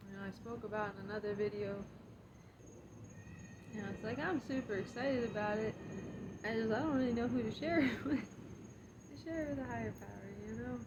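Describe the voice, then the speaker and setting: A woman giving a reflective casual monologue on her spiritual healing, chatty and quick to laugh at herself. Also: fairly high pitch, highs cut off. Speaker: spiritual vlogger. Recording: clear background insect noise.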